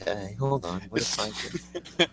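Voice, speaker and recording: A man's voice: on the low side, moderate pace, vocal fry, sharp tone. A man co-hosting a casual chat, ranting bluntly and swearing, often laughing. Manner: blunt, profane rants with laughter. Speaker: co-host. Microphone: computer setup.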